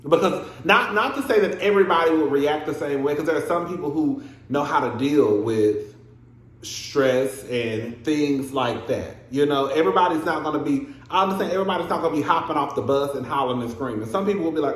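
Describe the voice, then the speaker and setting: A young man talks through a reality TV episode in a casual, animated way, often bursting into laughter. His voice sits a little high for a man. The sound bounces around an echoey room. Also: a little fast. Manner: animated, laughing, acts out scenes in exaggerated voices. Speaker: reality TV recap host. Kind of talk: casual recap commentary.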